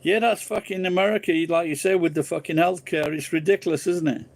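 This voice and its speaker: A man's voice: high-pitched, fairly even intonation, fast, gravelly. A man hosting a casual live stream, ranting profanely and rambling into crude jokes.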